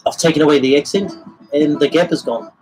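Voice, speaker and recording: Casual male guitar teacher, fairly high voice. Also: fairly quick, a little mellow, rough recording. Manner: casual explaining, sings rhythms as syllables. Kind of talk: livestream guitar lesson. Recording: guitar playing behind the voice.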